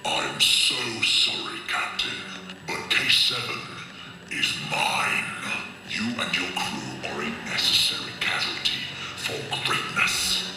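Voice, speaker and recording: A man voicing a sinister unseen figure who has hijacked a starship, speaking with slow, menacing politeness. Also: a bass voice, sing-song, exaggerated voice. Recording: very echoey with loud music.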